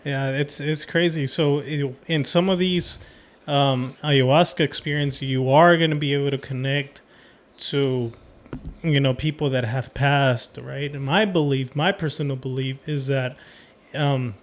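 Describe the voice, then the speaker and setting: A man's voice: medium pitch, fairly even intonation, unhurried, slight background noise. A man hosting a podcast, explaining his beliefs casually and checking in with "right?" as he goes. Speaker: podcast host. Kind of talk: casual interview chat.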